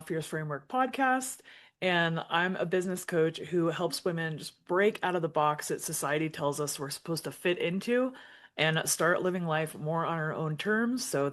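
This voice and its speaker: A woman business coach introducing herself in a casual panel chat, quick and affirming. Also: low voice, a bit bright. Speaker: business coach, podcast guest.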